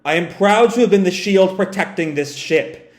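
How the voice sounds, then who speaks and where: A soft-spoken, motherly android woman says her farewell, gentle and protective, read aloud by a man in his own fairly high voice. The delivery is quiet and low-key, and the sound bounces around a roomy, echoing space. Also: normal speed, lightly acted. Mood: tender. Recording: roomy echo.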